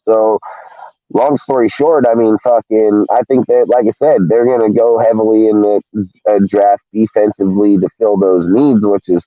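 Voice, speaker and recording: Man, fired-up sports rant, swears a lot, lowish voice, phone-like sound. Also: no echo. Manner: heated, profane, says "dude" constantly. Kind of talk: casual sports talk rant. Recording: tinny phone-like line, dry.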